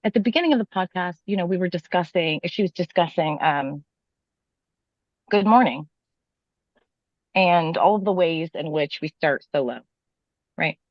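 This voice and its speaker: A woman who is a guest on a casual morning livestream, telling stories in an animated, drawn-out way. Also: fairly low pitch, no room sound. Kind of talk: casual chat, storytelling. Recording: slightly dull dry audio.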